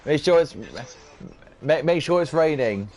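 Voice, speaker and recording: A man with a sore throat giving excitable sim racing commentary as host. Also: a little high, heavy background noise. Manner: excitable, quick to exclaim. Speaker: race commentator.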